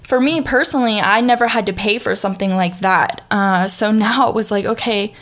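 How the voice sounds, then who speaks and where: A woman's voice: mid-range voice, a little fast, a bit bright. A young woman with a Southern accent talks through a casual motivational podcast monologue, full of fillers and restarts. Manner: chatty, frequent fillers and restarts, laughs easily. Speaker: podcast host.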